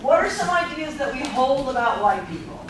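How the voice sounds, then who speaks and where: A woman lecturing to a class, telling funny anecdotes with lively delivery and frequent laughter. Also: sits high, normal speed, far from the mic. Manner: lively, storytelling, laughing often. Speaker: anthropology lecturer. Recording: echoey classroom recorded from afar, noisy.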